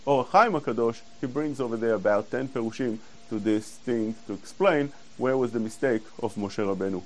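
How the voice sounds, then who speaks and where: A man giving a Torah class, explaining verses earnestly and quoting Hebrew quickly. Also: mid-range voice, low-quality recording. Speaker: Torah teacher.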